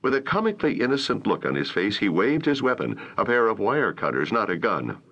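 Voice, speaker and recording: A man narrating a children's audiobook with expressive storytelling, on a muffled lo-fi recording. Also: on the low side, a little fast.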